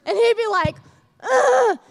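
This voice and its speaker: A young woman with a very high voice preaches in a church in a chatty, animated way, acting out stories as she talks. She sounds casual and lively rather than formal. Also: moderate pace. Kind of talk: sermon.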